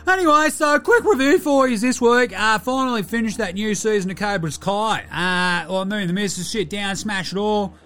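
Brief: a man playing a young bogan Aussie hoops player, broad accent, sweary rambling, pitched up high. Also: moderate pace, hardly any pauses, sharp tone. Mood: cheeky rambling. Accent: broad Australian. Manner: rambling, swearing, slangy, cheeky. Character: crude laid-back young male Aussie basketballer.

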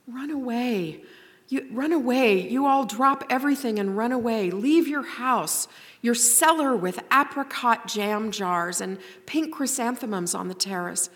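A woman voicing a young girl who asks quiet, frightened questions, read in a long reverberant hall. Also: on the high side, a little slow, voice pushed up. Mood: anxious.

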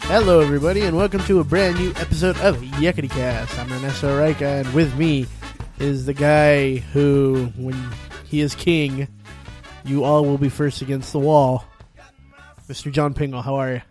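A man's voice: mid-range voice, steady tone, moderate pace, over music. A man, hosting a casual podcast and rambling through stories with lots of put-on voices. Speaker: podcast host. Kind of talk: casual chat.

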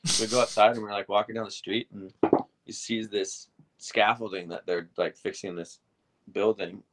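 Thirties male guest, low-pitched, animated profane storyteller. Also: moderate pace. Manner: swearing, animated retelling with acted-out quotes. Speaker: guest telling stories. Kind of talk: casual storytelling.

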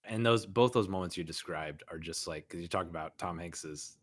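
A man's voice: sits low, moderate pace, no echo, clean studio sound. A man co-hosting a podcast, giving his opinion in a rambling, filler-heavy way and laughing often. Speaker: podcast co-host. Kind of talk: casual film discussion.

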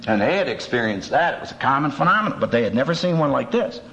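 This seminary professor has a creaky, mid-range voice and a quick pace. Funny and animated, he delivers a lively lecture, performing the quotes in different voices. It's captured on a dull old cassette with a faint hiss.

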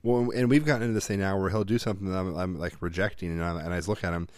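A man, a father, co-hosting a casual chat, telling animated stories, swearing freely and mimicking voices. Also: deep voice, very fast, no room sound. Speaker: podcast co-host, father.

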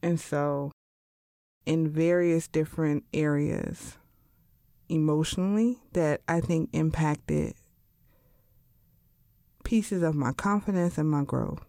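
Slow-talking woman, animated storyteller. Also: no room sound, clean studio sound. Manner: animated storyteller, acts out her own thoughts in high voices. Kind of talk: casual chat.

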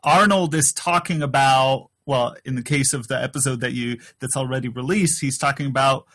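A man co-hosting a casual behind-the-scenes chat, chiming in with quick agreements and examples. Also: mid-range voice, a bit bright. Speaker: podcast co-host.

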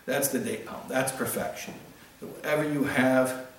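A man's voice: mid-range voice, normal speed. A man giving a storytelling sermon as a religious teacher. He talks earnestly, often repeats and restarts words, and mixes in Hebrew and Yiddish terms. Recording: very echoey room, distant mic, faint noise.

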